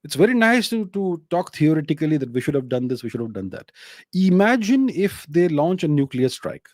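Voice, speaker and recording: Answering questions from viewers on his solo commentary show, this Indian English-accented man speaks briskly and with great animation. His voice sits a little high and is slightly mellow, and he leans on emphasis and rhetorical questions; the studio-quality recording has no echo.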